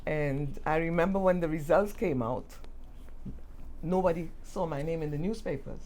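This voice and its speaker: A woman's voice: low-pitched, normal speed, darkish tone, a little hiss or hum, low-quality recording. A middle-aged woman co-hosting a podcast, chatting casually and telling stories with emphatic repeats. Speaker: podcast co-host. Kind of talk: casual chat.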